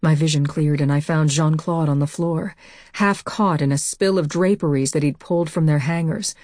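A woman's voice: low-pitched, a little mellow, no room sound, studio quality. A woman reading a first-person novel aloud as audiobook narrator, with an intense delivery.

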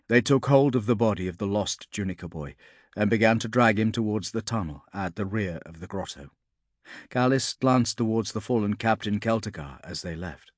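A man narrating a fantasy audiobook in a steady, measured storytelling manner. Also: lowish voice, dry recording, studio quality.

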